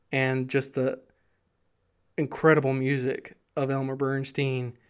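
A man's voice: medium pitch, a bit bright, smooth. A man hosting a history show, telling the story in a casual, enthusiastic way. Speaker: history podcast host.

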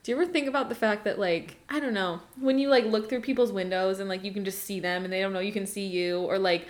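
Fast-talking, swearing woman in casual chat. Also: medium pitch, fairly even intonation. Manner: quick reactions, swears casually.

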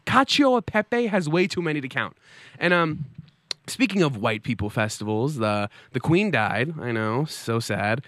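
A young man hosts a comedy show, riffing through a monologue. His pitch runs slightly high and leaps around a great deal. The sound is dry and close. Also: normal speed, no room sound. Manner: animated, joking, swings into put-on voices. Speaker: host. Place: New York City.

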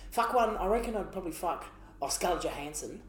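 A man's voice: high-pitched, expressive, fast talker, slight background noise. Crude, laughing man in an echoey room. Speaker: podcast co-host. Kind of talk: casual chat.

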